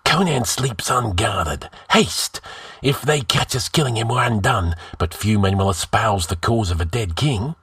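A man's voice: on the low side, expressive, measured pace, fairly bright tone, husky, no echo, clean studio sound, full character voice. A man voicing a scheming male outlaw who leads a band of conspirators, giving hissed, urgent commands. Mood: urgent hissing.

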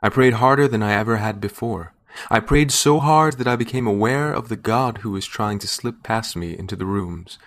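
A man narrates a first-person story in a measured, steady way. His voice sits on the low side. The reading is calm and unhurried, a classic audio fiction narration. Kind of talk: scripted narration.

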